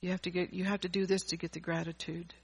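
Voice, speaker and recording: A woman's voice: fairly low pitch, flat delivery, fast talker, slightly rough. An older woman preaching an earnest sermon, often repeating and restarting her phrases.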